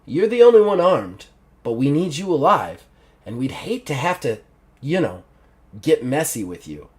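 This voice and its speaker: A man voicing a big, menacing male thug who speaks slowly and with quiet threat. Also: on the high side, sing-song.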